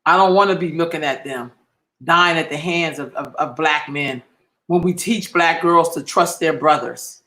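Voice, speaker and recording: A man's voice: on the high side, normal speed, pushed and bright, reverberant. A man hosting a livestream, delivering an impassioned, heated monologue full of profanity and emphatic repetition. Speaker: livestream host.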